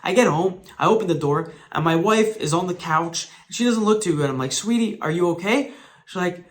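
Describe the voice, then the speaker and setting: A man's voice: fairly high pitch, brisk. A man telling a personal story in a vlog, earnest and emphatic, talking straight to his viewers. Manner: emphatic, swearing at times. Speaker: vlogger.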